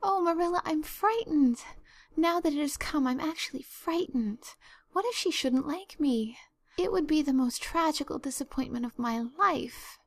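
A woman voicing an eager, dramatic, excitable orphan girl who talks in a breathless, gushing, wordy way. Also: high-pitched, normal speed, vocal fry, pitched above the performer's own voice. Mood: anxious.

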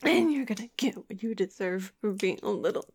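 A woman voicing a domineering, teasing young woman lover in a whispered role-play, talking in breathy murmurs and whispers. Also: medium pitch, animated, moderate pace, darkish tone.

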